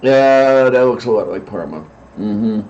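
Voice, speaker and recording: A man's voice: mid-range voice, measured pace, darkish tone. Easygoing male host, dull lo-fi mic. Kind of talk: casual online group chat.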